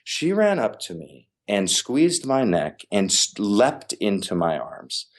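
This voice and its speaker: Man, very low pitch, guest on a podcast; animated, emphatic storyteller who repeats lines for effect. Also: takes it slowly. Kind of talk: casual storytelling in conversation.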